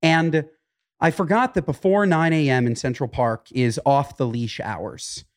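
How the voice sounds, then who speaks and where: A man's voice: medium pitch, a little slow. A man co-hosting a podcast, telling an anecdote in casual chat and acting out the people in it. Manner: animated storyteller, voices the people in his stories. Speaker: podcast co-host.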